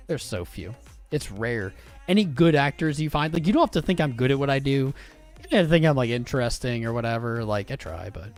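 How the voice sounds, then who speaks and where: A young man hosting a casual livestream, chatting with viewers in an excitable, informal way. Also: mid-range voice. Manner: animated, swearing, informal and excitable. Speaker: crypto livestream host. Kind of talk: casual livestream chat reading viewer comments.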